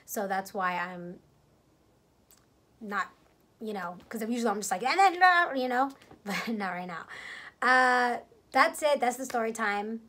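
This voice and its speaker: A young woman casually retelling a story for her vlog, quoting herself and others, filling it with "like" and keeping her voice down on purpose. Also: mid-range voice. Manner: kept deliberately quiet so family downstairs won't hear. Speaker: vlogger telling a story.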